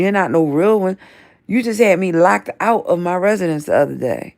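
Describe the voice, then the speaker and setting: A woman's voice: on the low side, animated, normal speed, vocal fry, a little mellow. A woman, hosting a livestream and ranting confrontationally at people she names, repeating herself as she reads the chat. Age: 50s. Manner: confrontational, repetitive, addresses people directly. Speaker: livestream host. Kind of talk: livestream rant reading chat.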